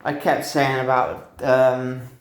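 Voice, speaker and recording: A man's voice: medium pitch, level tone, takes it slowly, a little hiss or hum. A young man telling a rambling personal story, swearing freely and laughing at himself. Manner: profane, meandering, laughs at himself. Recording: roomy echo.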